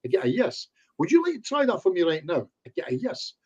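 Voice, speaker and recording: A man's voice: high-pitched, huge pitch swings, quick pace, darkish tone, breathy edge, dull audio. A man, a hypnotherapist chatting casually in an interview and acting out bits of client talk. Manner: chatty, acts out quoted voices in asides. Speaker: hypnotherapist guest. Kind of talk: casual online interview chat.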